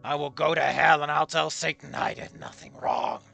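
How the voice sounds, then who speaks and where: A man's voice: a little high, huge pitch swings, normal speed, gravelly, pushed and bright, soft background music, exaggerated voice. A man reading aloud the lines of a brash, shameless, teasing young woman from a fan story. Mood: brazen.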